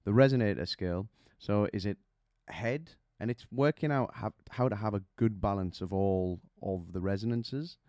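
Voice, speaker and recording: A man's voice: fairly low pitch, moderate pace, few pauses, warm tone, no room sound, clean studio sound. A man coaching singers, explaining vocal technique with images and questions to the listener.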